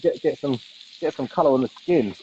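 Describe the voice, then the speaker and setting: A man's voice: mid-range voice, a little fast, muffled recording, noisy background. A man co-hosting a live barbecue show, chatting with enthusiasm as he cooks. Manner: enthusiastic, chatty, says "mate". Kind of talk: casual chat while grilling.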